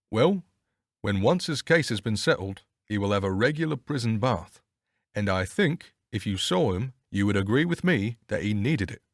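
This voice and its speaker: A man reading an audiobook, voicing a blunt, hearty police inspector with a gruff, exclaiming manner. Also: mid-range voice, dry recording, clean studio sound. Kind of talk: audiobook character voice.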